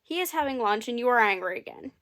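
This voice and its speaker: A woman voicing a giantess wife who soothes her husband in a soft, reassuring tone. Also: fairly high pitch, expressive, fast.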